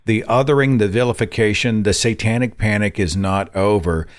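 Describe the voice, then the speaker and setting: Sardonic talk show host, lower voice. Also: male voice, moderate pace. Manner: conversational, sardonic, mimics preachers.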